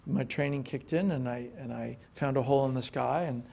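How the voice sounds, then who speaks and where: Gravelly-voiced man recounting stories. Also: medium pitch, a little fast, highs cut off. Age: late 50s. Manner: relaxed storytelling, frequent restarts and "you know". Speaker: film actor as interview guest. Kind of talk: onstage conversation. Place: film institute stage before an audience.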